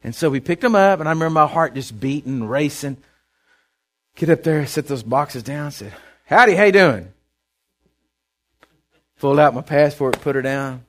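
A man from Texas with a Texan accent, telling a folksy, animated sermon story and often repeating himself as he goes. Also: medium pitch, normal speed.

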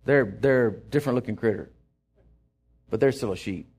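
A middle-aged man with a Texan accent, preaching a sermon in a folksy storytelling way, swinging from loud to hushed. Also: medium pitch, normal speed, creaky. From Texas. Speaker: pastor.

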